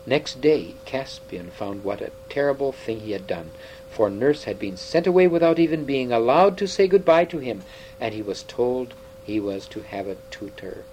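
A man narrating a children's story aloud in a lively, expressive manner. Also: mid-range voice, moderate pace, slight background noise, low-quality recording.

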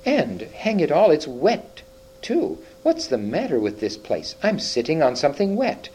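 A bluff, fair-minded eldest boy in a storybook, as a man reading aloud acts him out. He speaks with hearty schoolboy exclamations and a lively, swinging pitch, set a little higher than the reader's own voice. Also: unhurried, slight background noise, rough recording. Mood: excited.

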